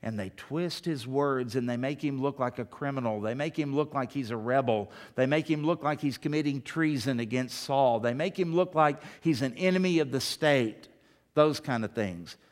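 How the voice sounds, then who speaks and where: A man's voice: mid-range voice, moderate pace. A male pastor preaching a sermon, emphatic and full of rhetorical questions.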